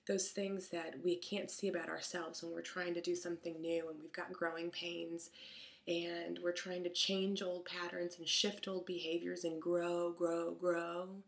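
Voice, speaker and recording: Gravelly, low-voiced woman telling a story. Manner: chatty, animated retelling with quoted dialogue. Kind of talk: casual storytelling monologue.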